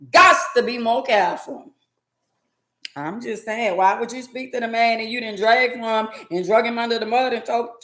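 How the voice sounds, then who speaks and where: A woman's voice: a little high, fairly bright tone, reverberant. Blunt woman talking back to chat. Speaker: live-stream host. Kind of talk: casual live-stream commentary.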